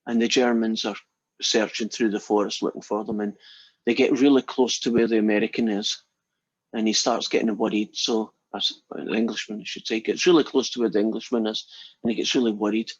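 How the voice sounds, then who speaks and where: A man's voice: lowish voice, fairly even intonation, fairly quick, husky, no echo, muffled recording. A male math instructor lecturing casually and telling a long joke to his class in a chatty, storytelling way.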